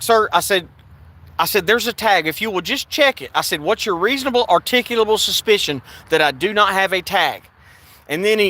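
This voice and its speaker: A man's voice: high voice, pushed and bright. A man angrily recounting a police stop, restarting and repeating himself as he acts out the exchanges. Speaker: video creator recounting an arrest. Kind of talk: angry first-person account. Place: in a vehicle.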